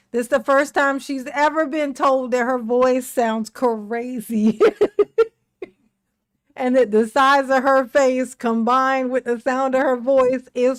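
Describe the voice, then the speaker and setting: A woman's voice: sits high, clear, resonant tone. A woman hosting a reaction video, giving casual, blunt and sarcastic commentary with plenty of swearing. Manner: blunt, emphatic, profane and sarcastic.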